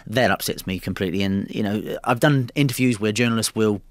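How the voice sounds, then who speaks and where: A man's voice: lowish voice, fairly quick, dry recording. A man in his thirties with a New Zealand accent, chatting frankly as an interview guest, with many restarts. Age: 30s. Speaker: interview guest, ballroom dancer. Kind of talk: casual interview chat.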